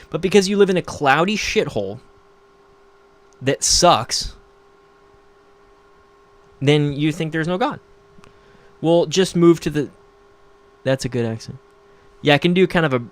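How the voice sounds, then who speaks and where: Young man, livestream host, casual rant, profane, mocking, slightly high voice, lively pitch. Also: moderate pace, pauses often. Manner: profane, mocking, animated rambling. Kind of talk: casual rant to live chat.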